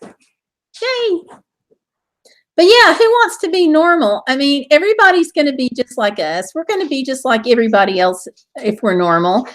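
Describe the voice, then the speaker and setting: Woman, high voice, bubbly, chatty, live-stream host, reads viewer comments aloud. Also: expressive, fairly quick. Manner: bubbly and chatty, with exclamations and laughter.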